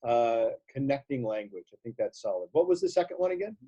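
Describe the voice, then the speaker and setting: A man's voice: medium pitch, very animated, a little fast, dark tone. A man hosting an interview as a sales coach, reflective and affirming, asking his guest for the next point. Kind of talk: conversational interview. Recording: dull lo-fi sound.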